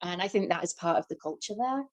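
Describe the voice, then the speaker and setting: A woman from Liverpool with a softened Scouse accent, co-hosting a podcast and telling stories in casual chat. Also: fairly low pitch, fast. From Liverpool, England. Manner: animated storyteller. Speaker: podcast co-host.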